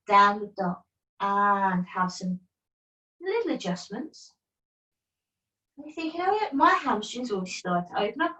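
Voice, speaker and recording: A woman teaching yoga from home over a video call, her voice a little high. She gives calm breath cues and slips in playful asides. She sounds distant from the mic, in a roomy, echoing space. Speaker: yoga instructor. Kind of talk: guided yoga class cues. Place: at home, partner downstairs.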